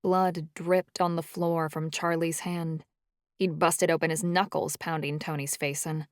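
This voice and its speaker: Low-voiced woman narrating an audiobook. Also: dry recording, studio quality. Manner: even, measured storytelling. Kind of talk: scripted first-person narration.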